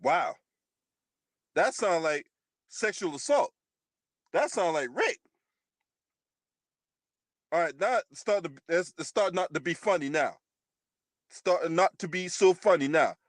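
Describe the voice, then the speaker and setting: A man with a high voice for his sex reads a news item and mocks it in casual commentary. He swears freely and breaks into laughter often. The sound is dry and close, with no room echo. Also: lively intonation, measured pace, pauses often. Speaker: channel host, commentator. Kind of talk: profane mocking news commentary.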